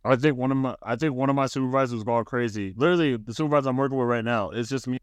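A man's voice: medium pitch, clean tone, dry recording. A man co-hosting a casual podcast who laughs a lot and tells loose stories from work. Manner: laughs often, quick reactions, loose storytelling. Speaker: podcast co-host. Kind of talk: casual chat.

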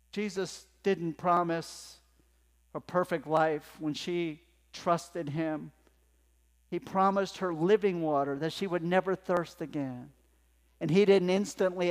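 Emphatic male preacher in a reverberant church. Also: sits high. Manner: emphatic preaching, swings from hushed to loud. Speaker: pastor. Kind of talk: sermon. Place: church sanctuary. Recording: long hall reverb in a church.

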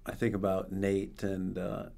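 A man's voice: low-pitched, monotone, measured pace, gravelly, warm tone. A male host with an encouraging manner who prompts his guests with affirming murmurs. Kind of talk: interview chat.

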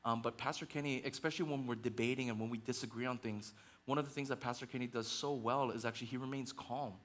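A man's voice: medium pitch, fairly even intonation, fast talker. A man preaching a sermon as pastor, passionate and conversational, with fillers and restarts, building to intense peaks. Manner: passionate, rising to near-shouting intensity.

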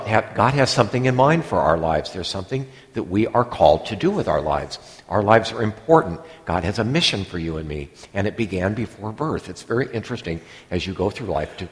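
A middle-aged man, a priest, giving a conversational sermon that wanders into asides and acts out quoted lines. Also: fairly low pitch. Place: church. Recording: long reverb of a church hall.

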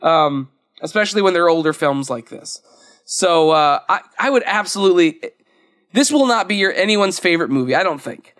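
A man's voice: high-pitched, lively intonation, normal speed, fairly bright tone. A young man co-hosting a podcast, chatting casually and rambling with frequent laughs. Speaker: podcast co-host. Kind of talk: casual chat.

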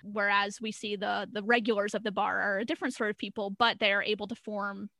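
A young woman with a bright, clear voice talks through a sitcom episode in a relaxed podcast chat. She slips into quick impressions of the characters and laughs often. The sound is close and dry. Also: mid-range voice, dry recording. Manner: animated storyteller, acts out quotes, laughs often. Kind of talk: casual chat.

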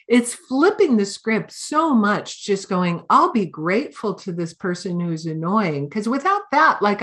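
A middle-aged woman teaching as a Buddhist teacher, giving a conversational dharma talk with lively storytelling and casual fillers. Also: medium pitch.

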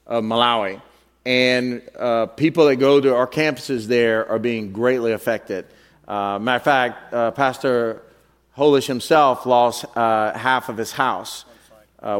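A man preaching in a church, chatting casually with fillers, whose pitch jumps high and loud when he tells a funny story. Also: clear, resonant tone. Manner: conversational, with filler words and restarts. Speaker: pastor. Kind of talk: sermon with an animated, joking story.

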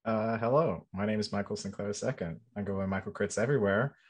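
A man's voice: fairly low pitch, fast talker, husky. A man introducing himself as a tabletop game player, calling himself shy and self-deprecating. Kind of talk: casual live-stream chat.

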